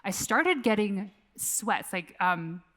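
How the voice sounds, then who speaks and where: A woman's voice: mid-range voice, expressive, slow pace, a bit bright. A woman in her forties giving a keynote talk on a conference stage, telling a personal story in a candid, casual way and swearing freely. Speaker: keynote speaker.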